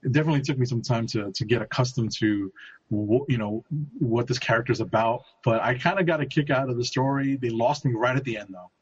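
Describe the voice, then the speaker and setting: A man co-hosting a podcast, casually chatting about comics with quick joking reactions. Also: medium pitch, breathy edge, highs cut off. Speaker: podcast co-host. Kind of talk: casual chat reviewing comics.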